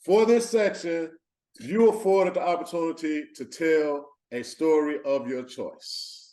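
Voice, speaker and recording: A man's voice: on the high side, measured pace. A man hosting a podcast, chatting casually and encouraging his guest. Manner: relaxed, encouraging, echoes the guest's words. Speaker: podcast host. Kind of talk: casual interview chat.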